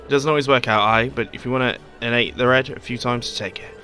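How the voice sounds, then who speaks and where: A man's voice: mid-range voice, fast talker, bright, forceful tone, faint music behind, lightly acted. A man voicing a chatty middle-aged market merchant and father, in a folksy put-on Scottish-style lilt. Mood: friendly.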